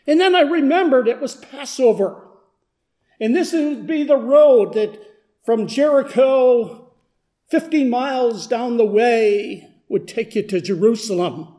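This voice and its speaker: A man's voice: very high-pitched, unhurried, mellow. A man performing a first-person dramatic monologue as a blind beggar, speaking earnestly and building in intensity. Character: blind beggar man, humble then desperate. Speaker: dramatic storyteller.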